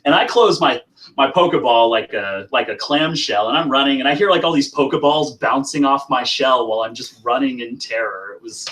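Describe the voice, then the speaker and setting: A man's voice: medium pitch, fairly quick, fairly bright tone, low-quality recording. A man, a guest prop maker, telling a self-deprecating story in casual chat. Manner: laughing, self-deprecating anecdote.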